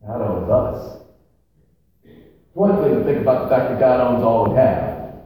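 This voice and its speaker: A man's voice: medium pitch, warm tone, a little hiss or hum. Man preaching in an echoey church. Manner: emphatic preaching with slow repeated key phrases. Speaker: pastor. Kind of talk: sermon. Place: large echoey church sanctuary. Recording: echoey hall from far off.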